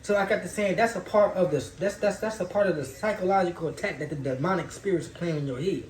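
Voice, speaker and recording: A man's voice: sits high, fast talker. A man giving a loose, profane, preachy spiritual monologue in casual talk. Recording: roomy echo.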